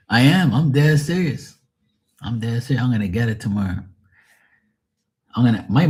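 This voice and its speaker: A man's voice: medium pitch, unhurried, long pauses, darkish tone. A man hosting a live stream, chatting casually with viewers in a rambling, profane way and laughing often.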